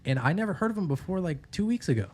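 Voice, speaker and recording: A man's voice: sits high, sing-song, very fast, darkish tone, slight background noise. A man co-hosting a podcast in loose, profane casual chat. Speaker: podcast co-host.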